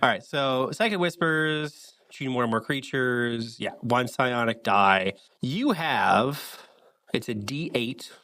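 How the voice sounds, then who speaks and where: Guy running a tabletop game, mid pitch, rambly with loads of likes and uhs. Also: expressive, takes it slowly, sharp tone. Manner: rambling, lots of fillers. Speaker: game master.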